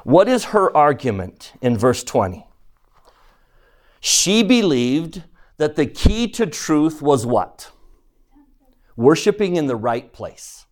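A man's voice: on the high side, sing-song, slow, pauses often. A man teaching a religion class, lecturing on scripture and posing questions to his listeners as he retells the story.

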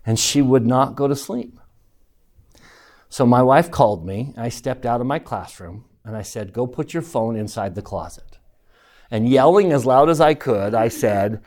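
A middle-aged man giving a speech, telling personal stories in an animated way and acting out the people he quotes. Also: medium pitch, normal speed. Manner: animated storyteller, acts out quotes, chuckles through stories. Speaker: speaker addressing an audience.

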